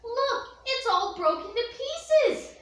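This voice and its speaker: A woman voicing a small, upset bear cub with a high, plaintive crying voice, recorded in an echoey room from a distance. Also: lively intonation, slow pace, a bit bright, heavily acted. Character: little wee bear cub, upset and whiny.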